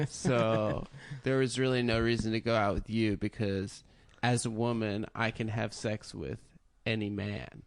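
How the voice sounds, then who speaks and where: Gravelly-voiced man in casual comedy chat. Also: lowish voice, steady tone, a little slow. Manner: joking, laughs often. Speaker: podcast co-host.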